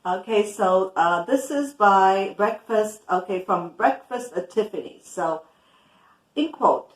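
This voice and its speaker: A woman's voice: medium pitch, animated, slow. A woman in her sixties hosting a casual makeup show, talking through each step as she goes. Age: 60s. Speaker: show host doing a makeup tutorial. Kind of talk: casual makeup demonstration chat.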